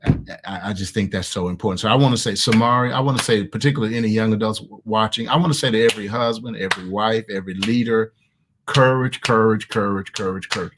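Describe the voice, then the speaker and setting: Low-voiced Southern pastor, emphatic repetition. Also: male voice, fast talker, noisy background. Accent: American Southern. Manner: emphatic, repeats key words. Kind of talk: conversational online sermon.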